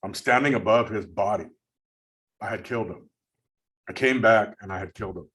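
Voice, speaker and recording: A man's voice: fairly low pitch, normal speed, a bit bright. A man from California recounting a dream in casual, rambling storytelling, often repeating words and acting out what others said. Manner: rambling, repeats words, acts out quoted lines. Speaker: dream-recounting channel host.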